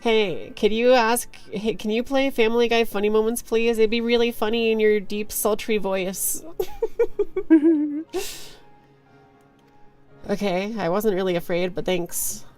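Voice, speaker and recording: A woman's voice: a little high, measured pace, pauses often, a little mellow, smooth, soft background music. A young woman streaming a video game, joking playfully and laughing often in casual chat. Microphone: headphones with a desk mic.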